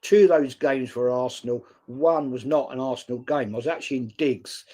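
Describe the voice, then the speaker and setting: A man's voice: medium pitch, a little fast, mellow. A man in his sixties from England hosting a live stream, casually chatting, greeting viewers by name and telling stories with mild swearing. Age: 60s. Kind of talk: casual chat reading viewer comments.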